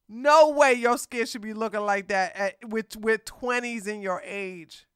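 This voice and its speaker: A woman giving reaction commentary in a clear, dry voice. She speaks slowly and sits a little high in pitch, blunt and sassy with frequent laughs. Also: fairly bright tone, no echo. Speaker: commentary host.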